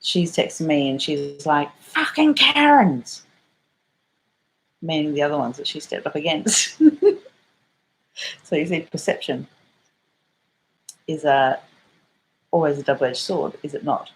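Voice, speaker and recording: A woman's voice: low-pitched, fairly even intonation, measured pace, long pauses, low-quality recording. An Australian woman telling a story in a casual vlog, rambling and swearing and full of fillers. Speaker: vlogger.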